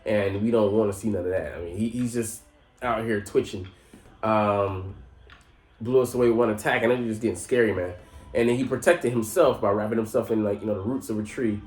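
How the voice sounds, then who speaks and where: A man's voice: lowish voice, steady tone, brisk, a little mellow. A man giving casual anime commentary, rambling with lots of fillers and profanity. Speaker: anime reviewer. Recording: echoey room, faint music.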